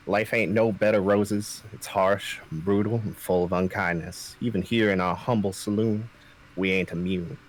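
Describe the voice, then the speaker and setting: A man's voice: fairly low pitch, steady tone, normal speed, close to an everyday voice, poor audio. A man playing a world-weary saloon bartender in a drawling, folksy Western manner. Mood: gloomy. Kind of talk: improvised role-play.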